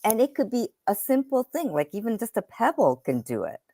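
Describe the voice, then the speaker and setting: A woman's voice: on the high side, sing-song, a little fast, warm tone, no echo. A woman guest on a talk show, explaining an idea with step-by-step examples and often checking in with "right?". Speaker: podcast host guest. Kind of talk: conversational interview. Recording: dry close sound.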